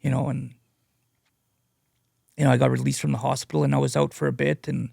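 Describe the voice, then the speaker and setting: A man sharing his addiction recovery story as a guest speaker. He talks in a halting, earnest way and leans on "you know" a lot. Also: mid-range voice, little pitch movement, vocal fry, a little mellow, no echo, clean studio sound. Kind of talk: personal testimony, casual storytelling.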